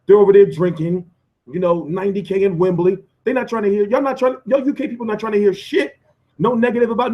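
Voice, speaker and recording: An American man hosting a live boxing stream, answering viewer comments in a profane, animated rant with lots of restarts and repeats. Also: high-pitched, lo-fi sound. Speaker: boxing commentator and channel host.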